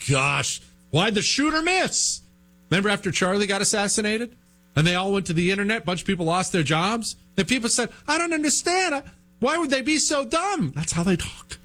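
A male host delivering heated, ranting political commentary. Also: mid-range voice.

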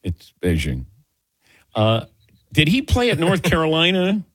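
A middle-aged man from the Midwest hosts sports radio banter, laughing easily and telling stories with a lively, swooping delivery. His voice is husky and dry. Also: fairly high pitch, unhurried, dry recording. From American Midwest. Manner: jokey, laughs easily, animated storytelling. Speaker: radio show host.

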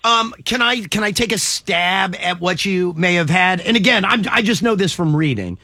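A man's voice: sits high, expressive, moderate pace, sharp tone, no room sound. A man hosting a morning radio phone-in show, chatting playfully and laughing often with a caller, in a studio. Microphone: studio mic.

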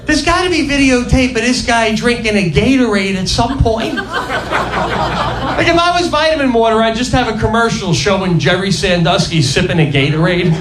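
A man's voice: very high voice, animated, normal speed. A man doing a brash, conversational stand-up routine. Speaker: stand-up comedian. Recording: echoey live room with noise.

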